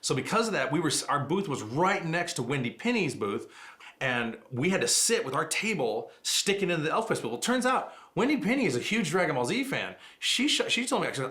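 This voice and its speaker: A middle-aged man, a voice actor, telling animated stories in a casual interview. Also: on the high side. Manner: fast, animated anecdotes with quick asides.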